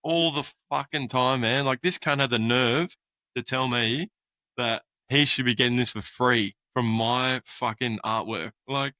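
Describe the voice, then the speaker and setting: A man's voice: medium pitch, unhurried, bright, forceful tone, no room sound. A man in his thirties with an Australian accent, hosting a casual podcast chat and telling stories with lots of swearing. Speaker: podcast host.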